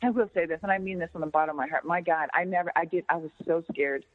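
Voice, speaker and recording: A woman's voice: on the low side, fast talker, in a large hall. Woman telling a story over a tinny phone line. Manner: animated, profane, acts out quoted dialogue. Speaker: interview guest, former wrestler. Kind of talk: casual phone interview storytelling.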